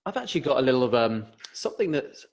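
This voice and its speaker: A man's voice: medium pitch, very animated, fast talker. A man co-hosting a podcast over a video call, joking around and asking curious questions. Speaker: podcast co-host. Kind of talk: casual podcast chat.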